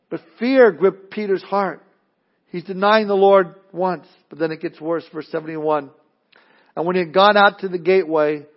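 Male preacher, high-pitched, dramatic loud-and-hushed delivery; muffled lo-fi sound. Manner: swings from loud urgent appeals to low hushed lines, acts out quotes. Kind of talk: sermon. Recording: dull lo-fi recording.

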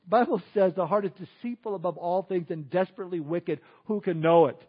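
A man preaching a sermon as a pastor, animated, acting out quoted people in exaggerated voices. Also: sits high, brisk, husky, highs cut off.

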